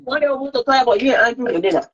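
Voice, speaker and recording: A woman's voice: a little high, expressive, rapid-fire. A woman in casual chat, prodding and cutting in. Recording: dull lo-fi recording.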